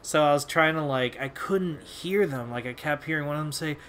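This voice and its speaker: A man's voice: a little high, moderate pace, a bit bright, a little hiss or hum. A young man hosting a video, telling a casual story in a rambling, laid-back way with lots of fillers and swearing. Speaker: video host.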